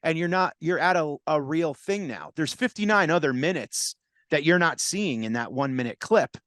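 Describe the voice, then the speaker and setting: A man's voice: fairly high pitch, normal speed, no room sound, studio quality. A man, a comedian hosting a podcast, telling stage stories in a casual chat and acting out voices. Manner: animated storyteller, acts out voices.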